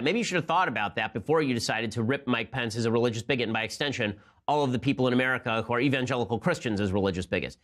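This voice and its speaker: A man's voice: medium pitch, racing, few pauses, fairly bright tone. A man delivering a combative, sarcastic political monologue as host of the show. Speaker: political commentator. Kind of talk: fast opinion monologue.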